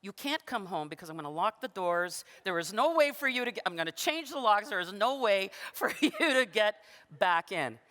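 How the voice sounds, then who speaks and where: A woman's voice: mid-range voice, very animated, normal speed, fairly bright tone. A woman quoting a firm, loving partner. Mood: insistent. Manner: insistent, teasing. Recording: long reverb of a big hall.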